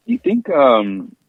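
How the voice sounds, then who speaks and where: A man co-hosting a podcast who retells film scenes with energy and acts out the characters in quick voices. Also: mid-range voice, slightly rough, no echo, narrow, tinny audio. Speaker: podcast co-host. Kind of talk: casual film review chat.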